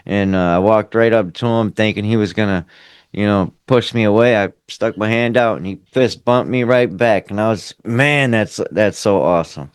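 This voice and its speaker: A man's voice: on the low side, moderate pace, clear, resonant tone, dry recording, studio quality. A podcast co-host telling a story in a loose, enthusiastic way, full of "uh" and "man". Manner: enthusiastic, filler-heavy. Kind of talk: casual chat.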